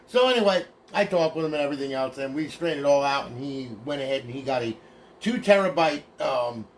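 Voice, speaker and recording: A man's voice: medium pitch, lively intonation, brisk. A man casually walking through modded game consoles on a livestream, chatty and folksy, thanking each buyer by name.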